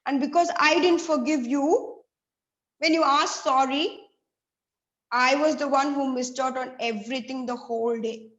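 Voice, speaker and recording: A young male bee from a children's story, sulky and then sorry, pleading in a high, slow voice, as a woman puts him on. The sound is roomy and a little dull. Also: fairly even intonation, fairly bright tone. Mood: remorseful.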